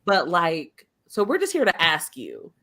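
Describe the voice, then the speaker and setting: A woman co-hosts a podcast, chatting casually as an animated storyteller who acts out quotes. Her voice is lowish and unhurried.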